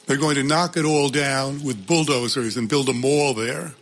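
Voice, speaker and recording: A man reading the part of a tired parent who gently breaks bad news to a child, repeating himself in resignation. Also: medium pitch, normal speed. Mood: resigned. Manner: resigned, repetitive, apologetic.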